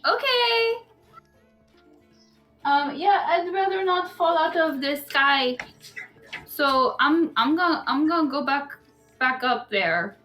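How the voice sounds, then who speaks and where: A woman's voice: high voice, animated, slow pace, long pauses, fairly bright tone, soft background music. A woman playing a tabletop game, asking curious and direct questions. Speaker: player. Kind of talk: tabletop role-play chat.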